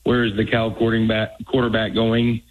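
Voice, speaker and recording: A man, a college football head coach, talking earnestly on a radio call, halting with many restarts. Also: lowish voice, monotone, background noise. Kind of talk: phone-in radio interview. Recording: tinny phone line.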